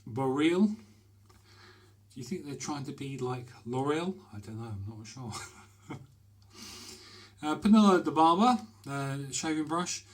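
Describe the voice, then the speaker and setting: A man's voice: fairly high pitch, animated, normal speed. Chatty man in a bathroom. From Britain. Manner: chatty, hesitant with many fillers. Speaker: shaving vlogger. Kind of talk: casual talk to camera. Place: small bathroom indoors.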